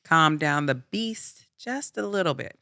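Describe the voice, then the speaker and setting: A middle-aged woman co-hosting a casual chat, with a loud, sharp-toned voice and a quick laugh. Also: deep voice, animated, no echo, clean studio sound. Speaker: podcast co-host.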